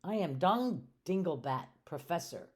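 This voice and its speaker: A woman's voice: fairly low pitch, lively intonation, unhurried. A woman reading as a polite professor man. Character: grown man, a famous professor and science-fair judge.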